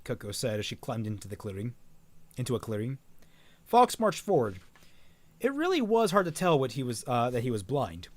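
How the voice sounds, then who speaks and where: A man's voice: mid-range voice, wildly swooping pitch, normal speed, no room sound. A man reading a fan story aloud on a stream, correcting himself often and dropping casual, profane asides.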